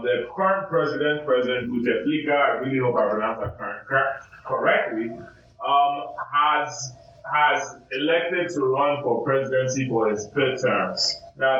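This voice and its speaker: A man's voice: medium pitch, moderate pace, fairly bright tone. Young man, casual podcast host, playful rambling, echoey room, dull distant audio. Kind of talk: casual chat.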